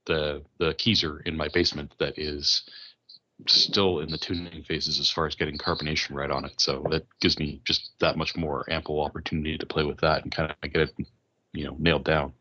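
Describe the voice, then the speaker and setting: Podcast guest: deep male voice, sharp edge, stop-start delivery with many ums, slightly dull audio. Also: level tone. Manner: halting, many fillers and restarts. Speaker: podcast guest, mead maker. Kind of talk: casual conversation.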